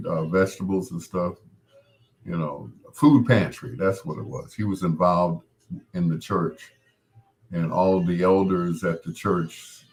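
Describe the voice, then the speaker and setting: In a deep voice, the middle-aged host of a casual talk show offers gentle, rambling comfort to a grieving listener, frequently starting over mid-thought.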